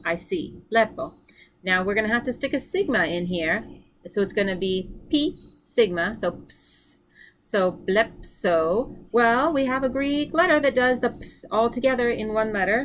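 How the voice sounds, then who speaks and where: A woman teaching a recorded language lesson. She drills word forms and explains as she goes, upbeat and encouraging, with fillers as she thinks aloud. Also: medium pitch. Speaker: Greek teacher.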